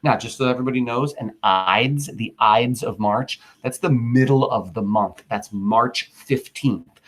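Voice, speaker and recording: A man's voice: mid-range voice, measured pace. A male teacher explaining a classic play in a casual, slangy way. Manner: informal and chatty, using slang asides.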